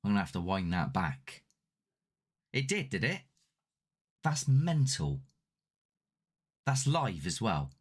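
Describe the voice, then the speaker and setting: A paranormal channel host talks to his live-stream viewers in a low, sing-song voice, slow and breathy, with long pauses. He rambles casually and chats in a self-deprecating way through a desk mic set up with a ring light.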